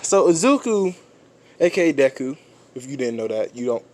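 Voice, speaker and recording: A man's voice: mid-range voice, big pitch swings, normal speed, darkish tone. A man casually retelling a fan story, rambling, restarting often and swearing offhand.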